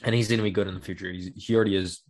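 A man co-hosting a casual football talk show, sharing quick, enthusiastic opinions. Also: low voice, fairly even intonation, darkish tone. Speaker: co-host.

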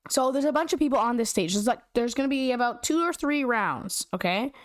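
A young woman with a fairly high voice tells a story in a casual, animated way, slangy and full of "like". Her voice sits close and dry, with no room sound around it. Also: a little fast, no echo. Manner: animated, giggly, slangy, lots of "like".

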